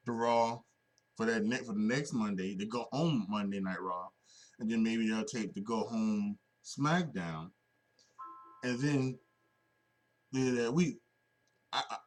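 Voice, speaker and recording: A man hosting a solo wrestling podcast, talking casually and rambling with many restarts and fillers. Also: fairly low pitch. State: sleepy, yawning.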